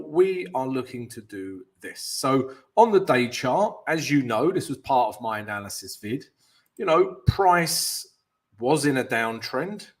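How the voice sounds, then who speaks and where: A man hosting a live forex stream, chatting loosely with viewers, greeting them and walking through his charts. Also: mid-range voice. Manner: chatty, loose, keeps calling viewers "guys", light jokes. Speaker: forex trading coach and live stream host.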